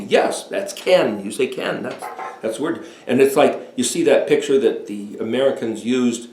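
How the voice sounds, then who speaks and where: A man in his sixties giving a deliberate, emphatic talk explaining Hebrew words as a home Bible teacher. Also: medium pitch, darkish tone, slight background noise. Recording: echoey room.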